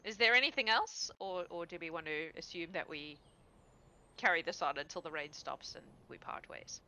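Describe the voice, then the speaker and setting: Woman game master, bright lowish voice, loose chatty narration with laughs. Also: rough recording. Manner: casual, laughing, quick asides.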